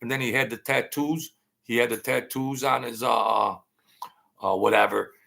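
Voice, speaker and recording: A man hosting his own channel, telling a long casual story in a rambling, halting way, full of fillers and restarts. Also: medium pitch, steady tone, gravelly, pushed and bright. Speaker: channel host telling stories.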